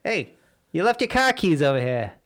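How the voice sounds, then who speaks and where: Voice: mid-range voice, sing-song, moderate pace, a bit bright. Laid back chatter, laughs a bunch, mid voice. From Rhode Island. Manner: easygoing, laughs a lot, mimics local phrases. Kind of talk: casual chat.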